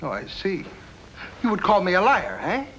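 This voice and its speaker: An actor playing a scheming, taunting foreign diplomat in a 1950s radio drama, sneering and mocking. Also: male voice, high voice, wildly swooping pitch, moderate pace, a bit bright, husky, exaggerated voice, rough recording.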